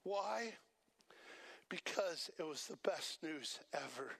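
A man preaching a sermon as pastor, animated and asking the congregation to repeat lines after him. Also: fairly high pitch, slow pace, gravelly, slightly rough, no echo.

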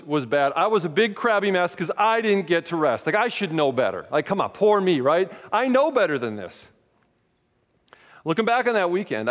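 Higher-voiced man preaching, hall reverb. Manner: candid, self-mocking storytelling. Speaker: pastor. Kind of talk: sermon.

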